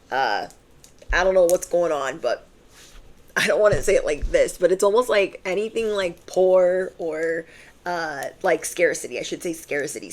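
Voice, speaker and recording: A young adult woman giving a channeled tarot reading to her viewers, casual and emphatic, full of slang and fillers. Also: fairly low pitch. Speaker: tarot reader.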